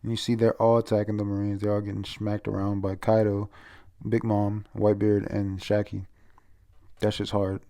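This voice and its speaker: A man's voice: lowish voice, monotone, moderate pace, warm tone. A man casually recapping a manga chapter, rambling, swearing and stumbling over names.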